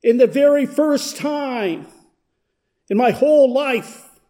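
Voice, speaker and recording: A man with an extremely high, dark-toned voice speaks slowly, delivering a first-person dramatic monologue as a blind beggar. He's a dramatic storyteller, talking earnestly as the character moves from humble to desperate and the intensity builds.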